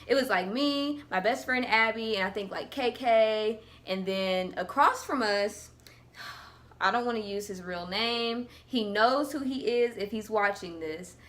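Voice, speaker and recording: Animated young woman telling stories. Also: medium pitch, measured pace. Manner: animated, acts out quotes in voices. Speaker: vlogger. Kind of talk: storytelling vlog.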